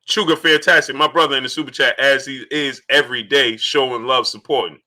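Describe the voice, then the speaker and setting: Male livestream host, very bright tone, loose chatty delivery, mid pitch. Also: steady tone, fairly quick. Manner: loose and conversational, greets viewers by name, repeats himself. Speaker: livestream sports host reading Super Chats. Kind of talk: casual live-stream talk.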